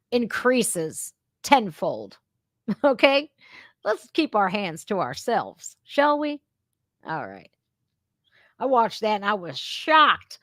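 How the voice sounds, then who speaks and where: A woman's voice: mid-range voice, fairly bright tone, no room sound, clean studio sound. Brash, sarcastic woman streamer. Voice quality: brash, blunt, swearing freely. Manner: sarcastic, mocking mimicry of opponents. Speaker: political reaction streamer. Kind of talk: casual profane reaction commentary.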